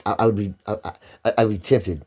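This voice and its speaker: A man's voice: lowish voice, steady tone, fast, dark tone, husky. A man hosting a casual chat, teasing his co-host and swearing freely as he laughs his way through a story. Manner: profane, laughing often.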